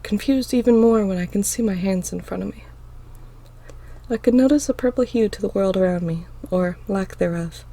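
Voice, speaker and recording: A woman reading her own story aloud in the first person, with expressive, emotional delivery. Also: mid-range voice, vocal fry.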